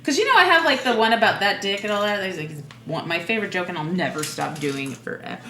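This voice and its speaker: A woman stand-up comedian with a bright, forward voice chats loosely in an interview, playful and quick to laugh. The sound is roomy with faint music underneath. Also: mid-range voice, animated. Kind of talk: casual interview chat.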